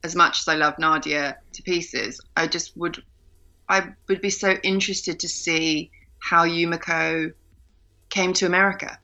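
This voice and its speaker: An actress chatting in an interview, talking loosely with lots of fillers and restarts. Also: female voice, fairly low pitch, a little slow. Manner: chatty, many fillers and restarts, bright lively laugh. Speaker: actor, interview guest. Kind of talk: casual video-call interview. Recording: dull muffled home call audio.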